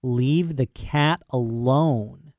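A man voicing a gruff, impatient rancher who scolds his dog in an audiobook. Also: very high voice, lively intonation, normal speed, darkish tone, no echo, voice pushed up. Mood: scolding. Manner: scolding, weary. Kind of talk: audiobook character voice.

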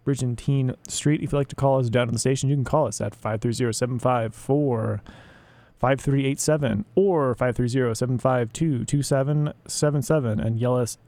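Chill guy hosting college radio, rambly, says like a lot, mid-pitched voice. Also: mellow, no room sound. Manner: laid-back, rambling with lots of "like". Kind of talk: casual radio chat.

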